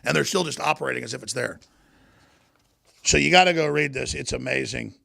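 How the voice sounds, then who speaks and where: A man hosting a talk show, delivering a heated political monologue in a ranting, forceful way. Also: mid-range voice, a little fast, creaky. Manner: ranting, forceful, with mocking put-on voices in quotes.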